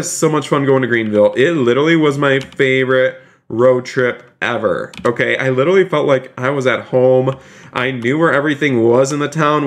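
A man streaming a game live, excitable and gushing with thanks, repeating exclamations and saying he is about to cry. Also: medium pitch. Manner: effusive, gushing thanks to donors.

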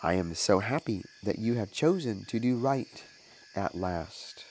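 A man's voice: fairly low pitch, lively intonation, measured pace, a little mellow, slight background noise, poor audio. A man voicing a sorrowful but firm mother teaching her son right from wrong.

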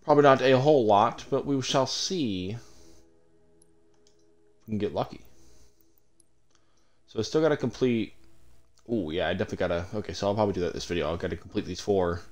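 Low-voiced man in casual gameplay chatter. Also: brisk, long pauses, darkish tone. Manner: candid, chatty, swears offhandedly. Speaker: gaming streamer. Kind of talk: casual let's-play commentary.

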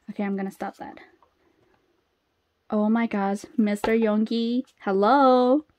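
A woman vlogging an unboxing in a casual, chatty way. Her voice sits a little high and her pace is slow and easy, with bursts of gasps and squeals at every surprise. Between reveals she drops to soft, almost whispered murmurs. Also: slight background noise. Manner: excitable, gasping and squealing over each reveal.

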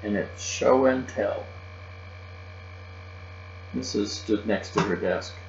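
A man's voice: fairly low pitch, takes it slowly. Man reading a children's storybook aloud. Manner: reads in a child's first-person voice, lively and expressive. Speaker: reader. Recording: muffled, roomy recording with mains hum.

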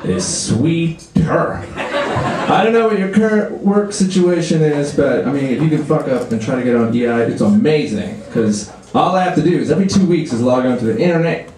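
A man's voice: on the high side, brisk, a little mellow. A man in his thirties from Canada, doing a crude, self-deprecating stand-up comedy set on a club stage. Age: 30s. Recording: echoey comedy club with audience noise.

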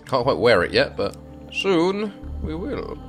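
A man's voice: medium pitch, very animated, slow, music in the background. A man hosting a let's play, commenting wryly and reading game text aloud. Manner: chatty, sweary, wry.

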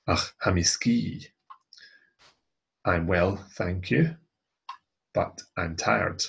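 A man with a deep, gravelly voice takes a language lesson at an unhurried pace. His tone is rough and husky. He reads dialogue lines and then explains them. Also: highs cut off. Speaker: language tutor.

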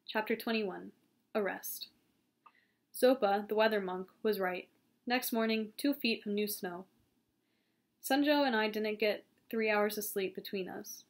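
A woman reads a novel aloud in a calm, steady voice at an ordinary pitch. She sometimes trips over a word and starts the phrase again. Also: a little slow. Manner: calm, steady reading with small slips and restarts. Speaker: audiobook reader.

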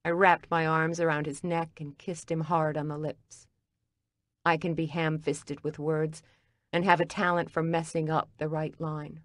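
A woman narrating a first-person audiobook in a quiet, intimate, measured way. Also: low-pitched, little pitch movement, no room sound, clean studio sound.

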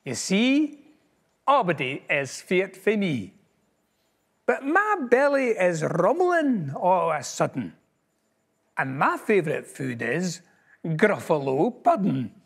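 A man putting on a squeaky cocky Scottish mouse. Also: big pitch swings, slow, long pauses, a bit bright, breathy edge, exaggerated voice. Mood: sly. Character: tiny boastful clever male mouse. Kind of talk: storybook reading in Scots.

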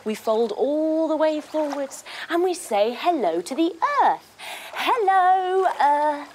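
A woman's voice: sits high, lively intonation, measured pace, warm tone, a little hiss or hum. A young woman leading a children's yoga story, playful and singsong, full of sound effects and movement cues. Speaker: kids yoga instructor. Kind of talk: guided kids yoga story.

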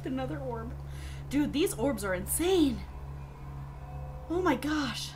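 A young adult woman giving casual reaction commentary with drawn-out, expressive exclamations. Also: high voice, background noise. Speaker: video reactor. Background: loud music.

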